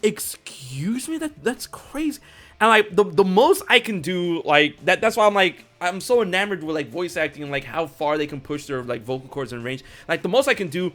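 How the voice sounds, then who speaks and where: A man hosting a casual interview, talking in a rambling, excitable way with lots of fillers. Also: on the high side, brisk, hardly any pauses. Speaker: show host and streamer.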